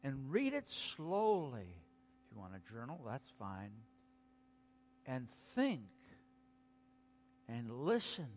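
A man preaching a sermon, slow and emphatic, dropping to a hush and then rising to exclaim. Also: medium pitch, wildly swooping pitch. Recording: long hall reverb.

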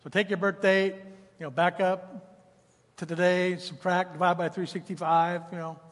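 A man's voice: high-pitched, little pitch movement, normal speed, big-room sound. A man in his fifties preaching a sermon in a church, mixing scripture with casual personal stories. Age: 50s. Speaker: pastor. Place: church sanctuary.

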